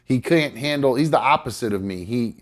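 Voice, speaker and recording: A man's voice: mid-range voice, expressive, brisk. A man hosting a live podcast, chatting loosely and swearing casually. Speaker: podcast host. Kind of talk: casual chat.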